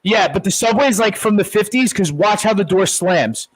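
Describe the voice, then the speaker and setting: A man with a noticeably high voice riffs on a podcast in casual, crude banter. He is excitable and swears freely. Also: moderate pace, crowd noise, rough recording. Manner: excitable, swears often, laughs loudly. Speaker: podcast co-host.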